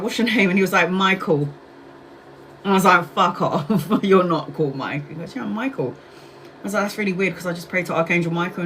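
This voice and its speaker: A woman's voice: medium pitch, a bit bright, a little hiss or hum. A woman in her forties, a tarot reader hosting a casual livestream, telling a story in a chatty way, laughing often, swearing freely and acting out what people said. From Brazil. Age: 40s.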